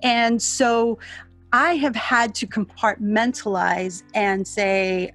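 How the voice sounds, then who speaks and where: A woman's voice: mid-range voice, fairly even intonation, takes it slowly, a bit bright, soft background music. Candid woman talking things through. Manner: candid and reflective, with frequent restarts. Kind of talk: reflective conversation.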